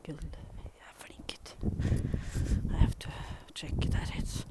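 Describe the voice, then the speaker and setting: A woman with a Norwegian accent, chatting casually and softly while walking her dog outside in the snow, often close to a whisper, talking fondly to the dog. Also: takes it slowly. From Norway. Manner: soft and cooing, often near a whisper, fond baby talk to a dog. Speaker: dog owner vlogger. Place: outdoors in snow and wind. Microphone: phone held while walking.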